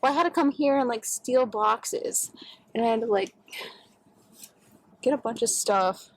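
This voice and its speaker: Young woman, high-pitched, loose rambling vlog talk full of fillers and swearing, recorded on a phone. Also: unhurried, rough recording. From Texas. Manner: rambling, lots of "like" fillers, swears freely when annoyed. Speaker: vlogger. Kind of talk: casual vlog chat. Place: in and around her car, partly outdoors. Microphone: phone camera set down nearby.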